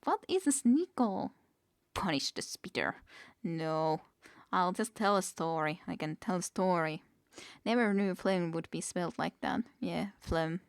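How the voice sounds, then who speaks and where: A woman's voice: lowish voice, fairly even intonation, unhurried, clear, resonant tone, dry recording, studio quality. A woman streaming a game, musing aloud, reading the game text and chuckling often in casual commentary. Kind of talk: casual let's-play commentary.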